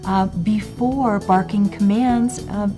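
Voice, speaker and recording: A middle-aged woman explains her parenting ideas to camera in a calm, measured way. She speaks very slowly. Guitar music plays clearly underneath her. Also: mid-range voice. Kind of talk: interview to camera.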